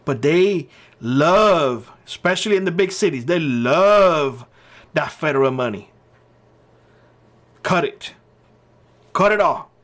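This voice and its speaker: A man's voice: a little high, lively intonation, slow, pauses often, fairly bright tone. A man hosting his own channel, giving blunt opinion commentary and hammering his points by repeating short phrases. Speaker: channel host.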